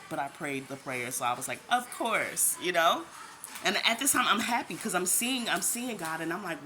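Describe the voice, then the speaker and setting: A woman's voice: fairly low pitch, animated, moderate pace, pushed and bright, a little hiss or hum, rough recording. A woman telling her faith testimony as a casual, chatty personal story. She repeats herself often and laughs now and then. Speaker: vlogger sharing a faith testimony. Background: background music.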